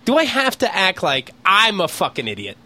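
A man's voice: sits high, wildly swooping pitch, normal speed, sharp tone. A man from Pennsylvania co-hosting a podcast, telling an exasperated, profane story in casual comedic chat. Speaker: podcast co-host.

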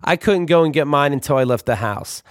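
A young man telling comic stories about his youth in a wry, deadpan manner. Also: fairly high pitch, a little fast, no echo, clean studio sound. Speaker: storyteller. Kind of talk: comic storytelling.

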